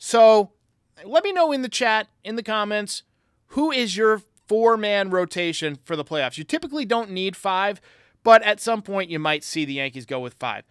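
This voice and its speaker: Bright, high-voiced excitable male podcast host. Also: moderate pace, smooth, dry recording, clean studio sound. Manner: excitable, talks straight to viewers. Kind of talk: casual game recap commentary.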